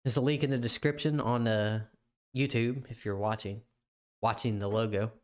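A man's voice: medium pitch, fairly even intonation, normal speed. A young man co-hosting a podcast, telling a story in a rambling, profane way and laughing often. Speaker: podcast co-host. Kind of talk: casual chat.

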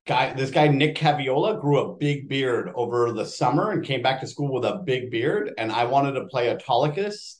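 A man, an actor, chatting casually in an interview and telling lively stories. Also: medium pitch. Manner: animated storyteller, acts out quotes. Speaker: actor guest.

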